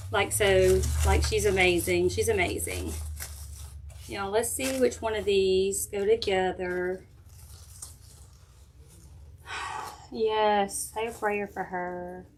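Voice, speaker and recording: Chatty woman hosting a craft livestream. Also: medium pitch. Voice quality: chatty, folksy, talks straight to viewers while working. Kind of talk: casual craft demo chat with viewers. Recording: faint background noise and clicks.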